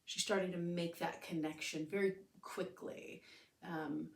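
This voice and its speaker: A woman's voice: on the low side, steady tone, a little slow, vocal fry, reverberant, recorded from a distance. A woman in her thirties hosting a podcast, talking candidly and rambling in a casual way, swearing now and then. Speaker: podcast host. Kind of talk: casual solo podcast talk.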